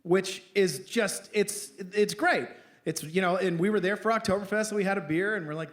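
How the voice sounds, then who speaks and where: A pastor telling a humorous personal story in a sermon, animated and self-mocking, often laughing at his own jokes. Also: high voice, normal speed. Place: church.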